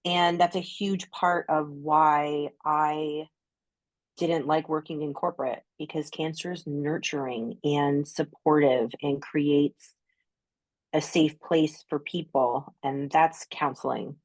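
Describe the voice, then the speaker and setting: A woman's voice: low-pitched, no room sound. A woman with a Canadian accent, chatting enthusiastically as a guest astrologer on a podcast, often saying "like". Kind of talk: casual podcast conversation.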